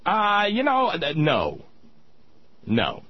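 A man's voice: fairly high pitch, huge pitch swings, extremely slow, husky, no echo. Sardonic male radio host, lo-fi. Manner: sardonic, blunt, stammers and restarts. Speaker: radio talk show host. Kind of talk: casual political chat. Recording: dull lo-fi radio with faint hiss.

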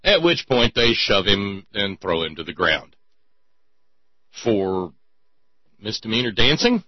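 A man's voice: lowish voice, very animated, slow pace, no echo, dull audio. A man hosting a talk radio show, giving sarcastic commentary with sighs and stammered repeats.

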